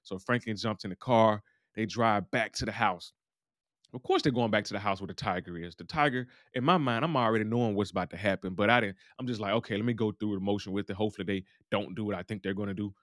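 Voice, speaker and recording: A man's voice: lowish voice, quick pace, fairly bright tone, dry recording, clean studio sound. A man giving a loose, chatty recap of a TV episode, acting out the characters' lines as he goes. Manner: loose, talky retelling that acts out characters' lines. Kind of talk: casual recap monologue.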